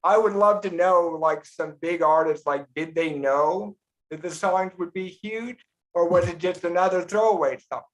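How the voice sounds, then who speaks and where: A man from Oklahoma with a fairly high voice, chatting on a livestream. He talks in a relaxed, encouraging way. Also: moderate pace. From Tulsa, Oklahoma. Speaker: podcast co-host, musician. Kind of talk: casual livestream chat.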